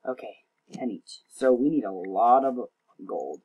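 A young man with a breathy, slightly husky voice talks his way through a game. His chatter is rambling and self-mocking, full of stumbles and restarts. His pitch sits in an ordinary middle range. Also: expressive, measured pace, darkish tone. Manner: rambling, self-mocking, often tongue-tied. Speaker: gaming channel host. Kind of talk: casual gameplay commentary.

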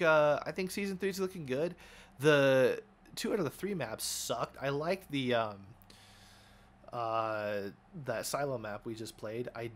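Excitable young man commentating gameplay. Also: mid-range voice, slight background noise. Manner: excitable, swears often, trash-talks opponents. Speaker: gaming YouTuber.

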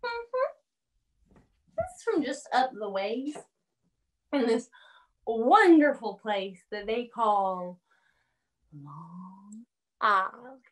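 A woman's voice: fairly high pitch, expressive, rough recording. An actress playing a tipsy young woman from Georgia with a Southern accent, slurring and drawing out her words in a short drama. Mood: tipsy smug. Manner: slow, slurred, drawn-out tipsy drawl. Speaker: actor. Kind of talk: amateur drama over video call.

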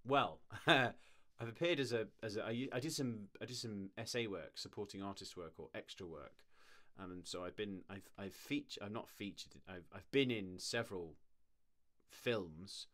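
A man's voice: lowish voice, moderate pace, fairly bright tone. Chatty, laughing male streamer. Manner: chatty and rambling, laughs often. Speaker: streamer and voice actor. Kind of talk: casual live-stream chat.

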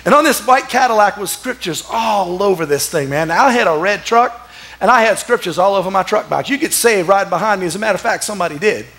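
A man, a pastor telling stories in a sermon, animated and laughing, sometimes breaking into shouts. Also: sits high, fast. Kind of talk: sermon storytelling. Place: church.

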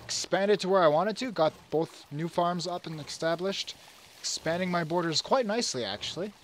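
Brief: young male let's-play host with a high voice, excitable, mock-regal pep talks, then mumbles. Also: normal speed, slight background noise. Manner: excitable, swings from shouting orders to muttering; mock-royal speeches to his troops. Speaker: gamer.

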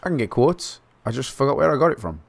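A man from Britain giving excitable, swear-heavy let's play commentary, talking to himself as he plays. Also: mid-range voice, quick pace, gravelly. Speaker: gaming channel host.

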